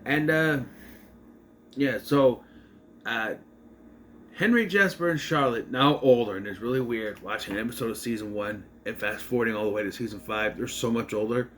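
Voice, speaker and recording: A man's voice: medium pitch, moderate pace, fairly bright tone, a little hiss or hum. A young man reviewing a TV episode in a casual, meandering way, often correcting himself as he talks. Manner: meandering, self-correcting, chatty. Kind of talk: casual rambling recap.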